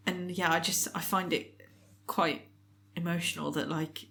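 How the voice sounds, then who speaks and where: A woman co-hosting a podcast in casual chat, emotional and teary, talking haltingly with many fillers. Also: on the low side, fairly even intonation, gravelly, sharp tone. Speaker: podcast co-host.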